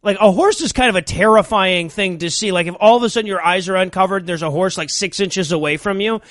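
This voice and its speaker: Guy with a pretty high voice, dry close mic, sarcastic movie roast chat. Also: fairly bright tone, no echo. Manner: sarcastic, quick to laugh, slips into silly voices. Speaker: podcast co-host. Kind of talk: comedic movie-riffing chat.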